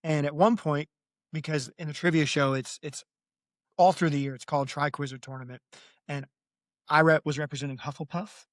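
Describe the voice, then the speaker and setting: A chatty co-host on a book podcast, trading jokes and comparing a story with its film version. The voice sits at a middle pitch and comes across close and dry, with no room sound. They drop into silly voices while telling anecdotes. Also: fairly even intonation, brisk, no echo. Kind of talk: casual chat.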